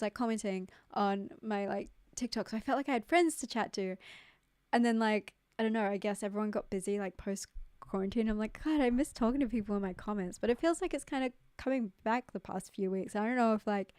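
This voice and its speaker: A woman's voice: mid-range voice, a little mellow, clear, resonant tone, dry recording. A young woman chatting casually on a live stream, reading out comments, giggling and filling her talk with "like". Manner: chatty, giggly, lots of "like" fillers. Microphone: close studio mic.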